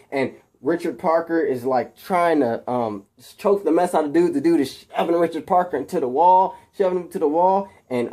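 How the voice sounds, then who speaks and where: Man excitedly retelling a movie scene. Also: medium pitch. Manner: rambling storytelling with rising excitement at action. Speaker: video host retelling a film. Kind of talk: casual film recap.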